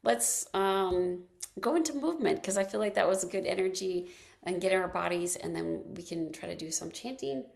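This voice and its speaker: A woman's voice: lowish voice, moderate pace, gravelly, darkish tone, very echoey, distant mic. Chatty woman leading a wellness class. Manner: rambling, chatty, many ums and restarts. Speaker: movement and wellness class leader. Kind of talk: casual online class talk with singing.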